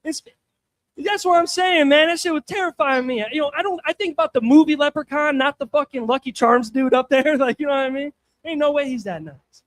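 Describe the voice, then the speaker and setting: A man's voice: extremely high pitch, fairly quick, no room sound. A young man doing a crude, self-mocking stand-up set on a comedy showcase stage, talking casually with the crowd.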